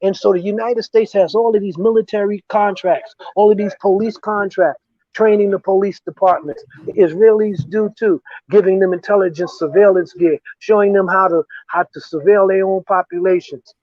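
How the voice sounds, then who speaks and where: A man's voice: high-pitched, steady tone, normal speed, no room sound, dull audio. An older man giving an interview as a guest, talking emphatically with frequent restarts and "you see?" tag questions. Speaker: guest, veteran activist. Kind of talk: political interview talk. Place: lives in Ghana, remote interview.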